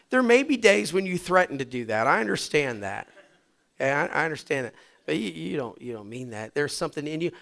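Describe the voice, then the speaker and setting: A middle-aged male pastor preaching a sermon, dropping to hushed whispers and rising to loud shouts. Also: on the high side.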